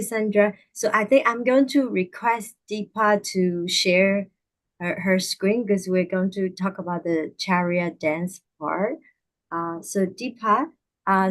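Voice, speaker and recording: Polite woman host with hesitant fillers. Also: mid-range voice. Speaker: event host. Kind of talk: livestream moderation. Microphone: video call mic.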